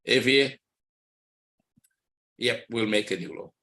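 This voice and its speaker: A man teaching a live trading webinar, walking quickly and plainly through one chart after another. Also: medium pitch, bright, forceful tone. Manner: rapid, matter-of-fact chart commentary. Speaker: trading instructor.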